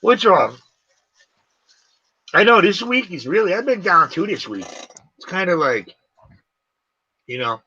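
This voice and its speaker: Gravelly, bright-voiced rambling man. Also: sits high, measured pace, long pauses, slight background noise. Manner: rambling, animated, swears casually. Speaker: livestream host. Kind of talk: casual live-stream chat. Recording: dull lo-fi stream audio.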